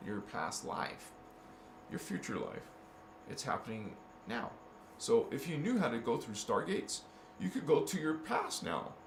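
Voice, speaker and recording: Speaking a little slowly, a spiritual vlogger uses a medium-pitched voice with huge swings in pitch. His casual talk to viewers meanders, and he keeps restarting and repeating himself. An echoey room and faint background noise surround him.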